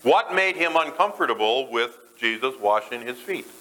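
A man's voice: medium pitch, animated, moderate pace, pushed and bright, rough recording. A man preaching a sermon to a church, talking conversationally and putting questions to the congregation. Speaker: pastor.

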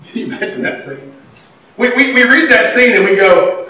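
A man preaching a sermon in folksy, animated storytelling style, breaking into sudden shouts. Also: extremely high pitch, normal speed. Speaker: pastor. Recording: echoey hall, mic far off.

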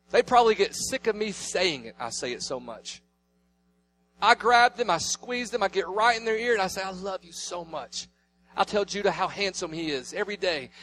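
A man in his thirties preaching a sermon, telling family stories and swinging between loud declarations and hushed asides. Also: high-pitched, slight background noise. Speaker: pastor.

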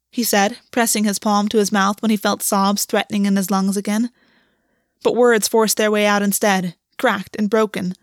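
A woman's voice: medium pitch, steady tone, normal speed, no echo. Woman reading fiction in a dry close voice. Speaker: audiobook reader. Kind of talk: scripted fiction narration.

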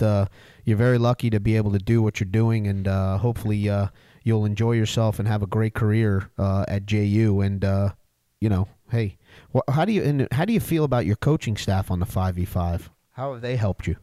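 A man's voice: on the low side, fairly quick, warm tone, no echo, clean studio sound. A man hosting a casual radio talk show, easygoing and full of fillers like "uh" and "you know.". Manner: easygoing, filler-heavy, encouraging.

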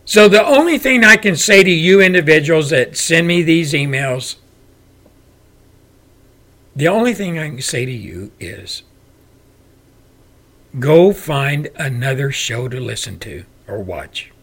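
A man hosting his own show, delivering a loud, forceful political rant. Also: on the high side, animated, unhurried, long pauses. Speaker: show host. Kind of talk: political commentary monologue.

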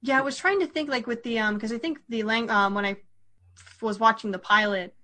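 A woman's voice: a little high, fairly quick, pushed and bright. A woman hosting a podcast in casual chat, rambling with lots of fillers and restarts. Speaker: podcast host.

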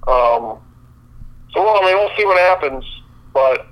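A man's voice: high voice, animated, measured pace, rough recording. A man co-hosting a casual podcast, ranting bluntly with frequent swearing. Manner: blunt, profane, exasperated ranting. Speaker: podcast co-host. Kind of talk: casual sports podcast chat.

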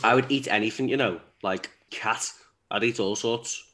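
A man's voice: lowish voice, bright, forceful tone. A man, co-hosting a podcast with crude jokes. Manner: joking, crude, quick quips. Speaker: podcast co-host. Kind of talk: casual banter.

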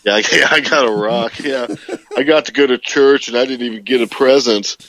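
A man's voice: mid-range voice, fairly quick, fairly bright tone, rough recording. A man co-hosting a podcast in casual chat, telling stories in a rambling way with lots of fillers and laughs. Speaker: podcast co-host.

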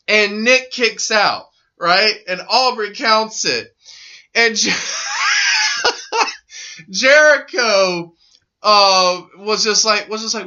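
A man on a casual podcast, animated, laughing often and acting out quotes in a loud voice. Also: high voice, slow pace, pauses often, muffled recording. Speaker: podcast co-host. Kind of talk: excited casual wrestling chat.

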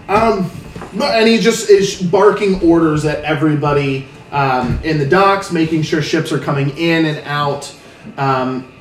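A man's voice: on the high side, roomy sound, distant mic, a little hiss or hum. A man narrating a tabletop game as game master, rambling with many fillers. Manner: rambling, filler-heavy description.

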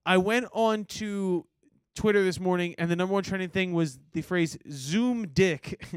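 High, smooth-voiced young man swearing casually. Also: unhurried, no room sound. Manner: loose, swearing, laughing, lots of "like" and "dude". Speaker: podcast host. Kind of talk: casual comedic chat.

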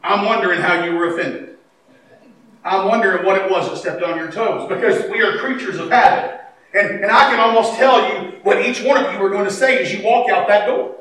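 High-voiced pastor in echoey church. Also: male voice, a little fast. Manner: storytelling, acts out dialogue, swings between loud and hushed. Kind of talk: sermon. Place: church sanctuary. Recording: echoey church hall, mic at a distance, faint noise.

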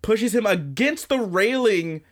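A man's voice: sits high, animated, measured pace. A man co-hosting a podcast, recapping a show in a rambling, profane way, filling his talk with "like". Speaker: podcast co-host. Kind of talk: casual podcast chat.

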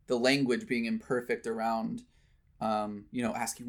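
Man, casual conversation, earnest, thoughtful, mid-pitched, lots of restarts. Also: steady tone, moderate pace. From United States.

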